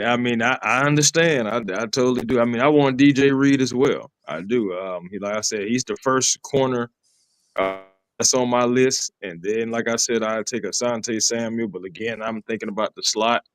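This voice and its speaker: A man co-hosting a casual sports talk show who lays out his views steadily and backs others up with quick affirmations. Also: medium pitch, no room sound. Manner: steady, lists players, frequent affirmations. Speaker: sports podcast co-host.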